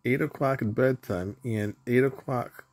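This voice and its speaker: Man reading a tired papa bear, gravelly, patient storybook dad. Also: medium pitch, a little slow, a little mellow. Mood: firm. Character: fatherly bear dad, weary and good-natured.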